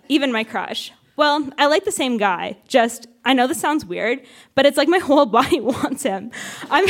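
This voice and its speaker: A woman's voice: sits high, expressive, brisk. A woman reading her teenage diary aloud at a live show, with a wry, playful delivery. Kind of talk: reading old diary entries aloud on stage. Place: live show with audience laughter.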